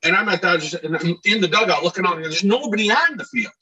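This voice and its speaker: A man, a former ballplayer, telling animated stories in a casual interview, acting out shouted quotes as he goes. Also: sits high, quick pace, slightly rough, far from the mic, poor audio. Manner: animated, acts out shouted quotes, many restarts.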